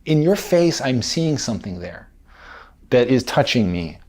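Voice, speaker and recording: A man's voice: mid-range voice, very animated, a little slow, darkish tone. A man hosting a podcast, asking earnest, probing questions of his guest. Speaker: podcast host. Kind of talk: interview conversation.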